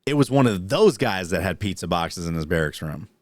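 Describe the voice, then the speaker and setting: Low-voiced man, dry close sound. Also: expressive, fairly quick, no echo. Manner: matter-of-fact, profane, explains military terms. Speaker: podcast co-host. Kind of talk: casual chat. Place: home.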